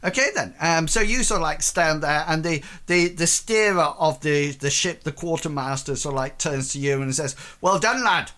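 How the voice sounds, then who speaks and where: A man's voice: a little high, moderate pace, few pauses, pushed and bright. A man running a tabletop role-playing game as game master, narrating in a chatty way with many fillers.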